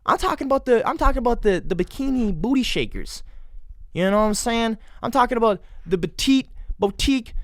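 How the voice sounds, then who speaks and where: A man's voice: very high voice, animated, fairly quick, dry recording, studio quality. A man hosting a solo podcast, ranting sarcastically with crude jokes and mock exasperation. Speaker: podcast host.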